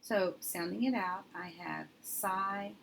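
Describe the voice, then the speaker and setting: A woman teacher talks through each step in a steady, methodical way, thinking aloud as she goes. Her voice sits low with a gravelly edge. A faint hiss of noise runs under the recording. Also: measured pace, poor audio. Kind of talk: instructional demonstration.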